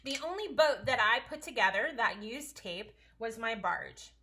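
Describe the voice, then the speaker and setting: A woman's voice: a little high, expressive, unhurried, bright, forceful tone, slight background noise. A woman teaching a casual home-school science lesson, chatty, playful and encouraging.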